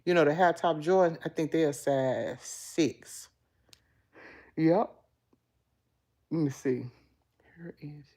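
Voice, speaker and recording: A woman's voice: deep voice, slow pace, pauses often, mellow. A woman hosting a casual livestream, chatting with viewers, reading their comments aloud and calling them girl and baby. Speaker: livestream host.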